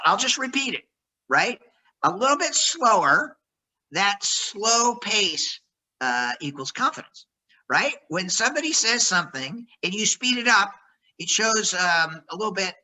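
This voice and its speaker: A man's voice: high voice, sharp tone, rough recording. A man leading a sales workshop, coaching trainees and acting out phone greetings with lots of energy.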